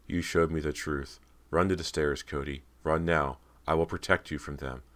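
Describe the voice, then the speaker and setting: A man voicing a calm teenage girl's ghost in a soft, hushed tone, his own very deep voice barely changed. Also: moderate pace.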